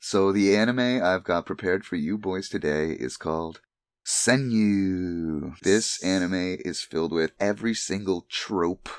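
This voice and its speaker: A man's voice: sits low, a little slow, smooth, no room sound, studio quality. A man co-hosting a casual podcast chat, joking, laughing often and slipping into put-on accents. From Canada. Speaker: podcast co-host.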